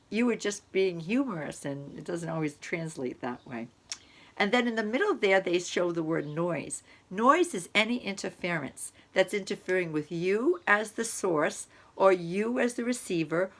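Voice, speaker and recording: Woman giving a casual lecture. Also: medium pitch. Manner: conversational, explaining with repeated examples. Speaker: college instructor. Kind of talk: recorded online lecture.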